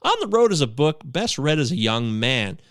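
A man's voice: medium pitch, very animated, moderate pace, smooth, no room sound, clean studio sound. A man hosting a casual podcast, joking with his co-hosts and reading listener emails aloud, stumbling over words now and then. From Michigan. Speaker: podcast host.

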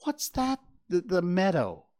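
Guy doing a little boy fawn, high and eager, keeps asking why. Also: big pitch swings, a little slow, gravelly, full character voice. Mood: excited. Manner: eager, questioning, stammering. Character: excited curious young male fawn.

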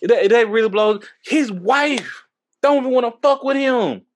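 A man from Texas in his thirties, hosting a podcast, talking politics in a loose, profane way and going high when he gets worked up, a little tipsy from drinking. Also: animated, a little slow. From Texas, USA. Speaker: podcast host. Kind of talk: casual political chat.

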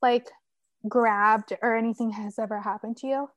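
A young woman in casual chat, talking in a relaxed, chatty way and leaning on "like". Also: a little high, normal speed, dry recording, highs cut off. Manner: relaxed and chatty, heavy use of "like".

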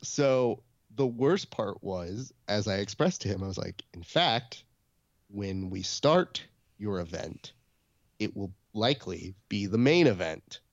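Low-voiced man telling a story on a podcast. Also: slow, no echo, dull audio. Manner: storytelling, quoting others in animated voices. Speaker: podcast co-host. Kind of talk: casual chat.

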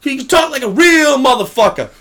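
A man's voice: extremely high pitch, animated, a little fast, fairly bright tone, voice pushed up, exaggerated voice. A man mimicking a brash, thuggish forty-year-old male doctor turned comedian, with a crude, swaggering delivery.

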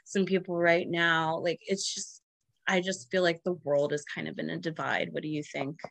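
A woman's voice: lowish voice, level tone, normal speed, vocal fry, a bit bright, no echo. Giggly young woman podcast host. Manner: chatty, giggly, lots of fillers. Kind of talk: casual chat.

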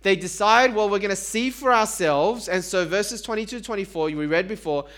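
Man, preacher, high voice, chatty sermon, rhetorical questions, self-mocking jokes. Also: moderate pace, fairly bright tone. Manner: conversational, asks the congregation rhetorical questions; self-deprecating humor.

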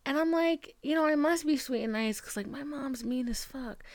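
A woman's voice: high voice, normal speed, darkish tone, no room sound. A young adult woman hosting her own podcast, talking frankly and mocking herself, swearing often and filling her talk with "like". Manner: frank, self-mocking, profane, with lots of "like" fillers. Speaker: podcast host. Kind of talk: candid solo podcast monologue.

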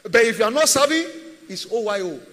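A man's voice: extremely high pitch, big pitch swings, quick pace, a bit bright, long reverb tail. A man preaching a sermon as a pastor, emphatic and repetitive, firing rhetorical questions at his church.

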